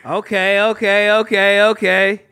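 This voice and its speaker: A man co-hosting a podcast in casual banter, loud, laughing often and teasing the others. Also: high-pitched, flat delivery, unhurried, clean tone. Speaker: podcast co-host.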